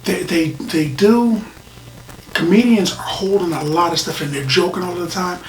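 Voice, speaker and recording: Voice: mid-range voice, normal speed. A reviewer talking casually through a show, rambling with restarts and dropping into whispers for emphasis. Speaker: film and TV reviewer. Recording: roomy, distant mic, faint noise.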